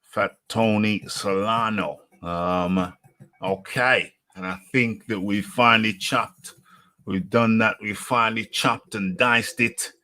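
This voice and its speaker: A man's voice: fairly low pitch, fairly even intonation, takes it slowly, pushed and bright. A man hosting a live show in a casual, teasing way, who repeats himself for emphasis and talks about himself in the third person. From United Kingdom. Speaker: host.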